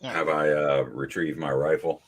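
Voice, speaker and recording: A man's voice: rumbling low, level tone, a little slow. A man playing a tabletop game, speaking hesitantly with lots of fillers. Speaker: player.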